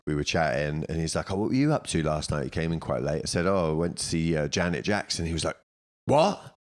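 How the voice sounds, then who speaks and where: Deep voiced guy on a podcast, swings his pitch a lot, dry and amused. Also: expressive, quick pace. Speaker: podcast co-host. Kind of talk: casual banter.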